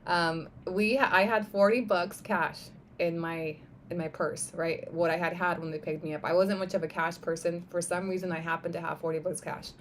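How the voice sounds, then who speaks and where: A young woman on a live stream telling a personal story in a casual, animated way, with lots of "like" and "right?" and the odd swear word. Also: on the low side, normal speed, few pauses, slight background noise.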